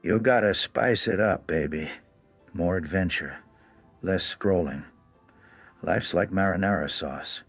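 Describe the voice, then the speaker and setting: A man's voice: deep voice, a little slow, long pauses, slightly rough, no room sound, faint music behind, full character voice. Man doing a tomato plant with an Italian accent. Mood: pushy. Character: pushy tomato plant giving life advice.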